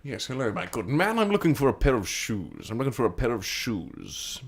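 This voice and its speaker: A man voicing a fussy, polite gentleman customer who stammers formally, in an improvised comedy podcast. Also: medium pitch, big pitch swings, moderate pace, breathy edge. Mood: genteel. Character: fussy, polite, genteel male shoe customer.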